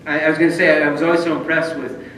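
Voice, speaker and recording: A man's voice: on the high side, level tone, rapid-fire, a bit bright. A middle-aged man, an honored judge, telling self-deprecating stories in a banquet speech, chuckling often and restarting his sentences. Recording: very echoey hall, distant mic, room noise.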